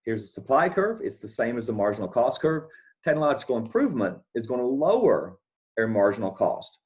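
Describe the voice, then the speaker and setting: A man's voice: medium pitch, big pitch swings, a little fast, a little mellow. A man giving a recorded economics lecture, explaining step by step over his notes and repeating key points with checking questions. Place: talking over scribbled notes, not at a board.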